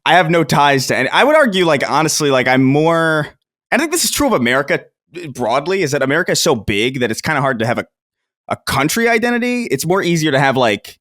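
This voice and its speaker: Hesitant, lively-voiced male podcast co-host. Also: on the high side, fast, no room sound, clean studio sound. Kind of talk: casual podcast chat.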